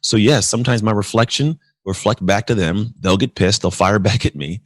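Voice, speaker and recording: A man speaking as a podcast guest in casual conversation, energetic and acting out quoted exchanges as he tells stories. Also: fairly low pitch, moderate pace. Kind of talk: casual interview talk.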